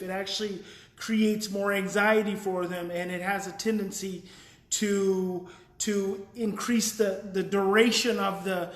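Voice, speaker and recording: A man's voice: sits high, a bit bright, roomy sound. A man hosting a daily live parenting talk, explaining earnestly in a casual way and thinking aloud with restarts while reading viewer comments.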